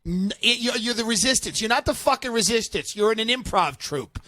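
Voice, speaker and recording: A man in his thirties hosting a comedy podcast, ranting loudly and profanely. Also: high voice, expressive, fairly quick, dry recording. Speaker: podcast host.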